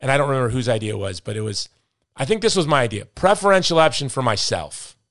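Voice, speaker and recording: A middle-aged man in mid-range pitch, talking with fiery conviction on his podcast. He repeats words for emphasis and lets his rants run on. The sound is close and dry, with no room echo. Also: expressive, fast, a bit bright. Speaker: podcast host. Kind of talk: impassioned podcast commentary.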